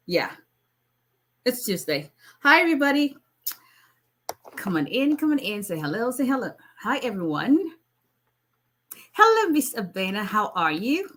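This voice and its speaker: A woman's voice: mid-range voice, a bit bright, slight background noise. A woman, an immigration attorney casually chatting and joking with viewers on a live stream, laughing often and teasing.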